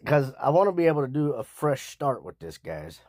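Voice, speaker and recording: A man's voice: medium pitch, sing-song, darkish tone, no room sound, studio quality. A man hosting a gaming channel, chatting casually to his viewers about a game and calling them guys. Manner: slow, drawn-out, chatty, addresses viewers as guys.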